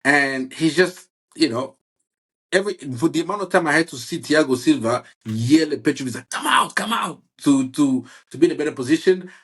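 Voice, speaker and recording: Guy with a husky, kinda high voice, rambling about football, lots of restarts. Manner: halting, many restarts, says "bro" and "you see what I'm saying". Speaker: football fan guest. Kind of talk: casual football chat.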